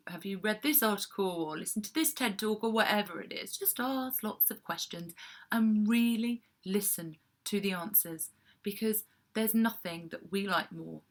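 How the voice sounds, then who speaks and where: A woman from England giving casual advice to camera as a PR coach, chatty with self-deprecating asides. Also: medium pitch. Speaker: PR coach vlogger.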